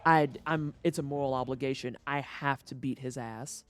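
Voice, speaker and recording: A woman's voice: extremely low pitch, steady tone, normal speed, faint music behind. A young woman streaming a game, ranting with heavy profanity and exasperation. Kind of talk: casual gameplay commentary.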